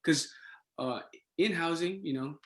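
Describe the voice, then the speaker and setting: A young man, a podcast guest, tells a casual story with animated swings and excited turns of phrase. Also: fairly high pitch, unhurried. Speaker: podcast guest, resident assistant.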